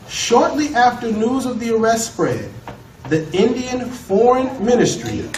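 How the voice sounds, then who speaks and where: A man lectures a law class with emphasis, firing questions at the room. His fairly high voice is caught from a distance in an echoey classroom, with clear background noise under it. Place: college classroom. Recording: echoey room from far off, noisy.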